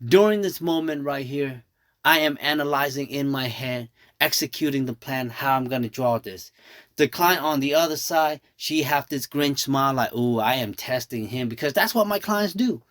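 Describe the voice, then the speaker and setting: A man's voice: a little high, moderate pace, fairly bright tone, dry recording, studio quality. A man in his thirties, a nail artist whose first language is Thai, chatting through a nail tutorial and telling stories, calling his viewers y'all. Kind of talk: casual storytelling tutorial.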